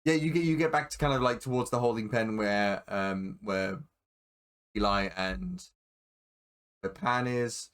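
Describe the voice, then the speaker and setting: A man's voice: fairly low pitch, unhurried, a bit bright, smooth. A man running a tabletop game as game master, talking with many fillers and restarts.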